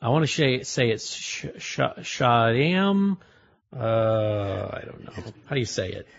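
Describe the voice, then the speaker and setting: A man's voice: on the low side, moderate pace, creaky. A male radio host chatting casually, rambling and restarting as he stumbles over a guest's name. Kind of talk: casual talk radio chat. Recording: dull lo-fi broadcast audio.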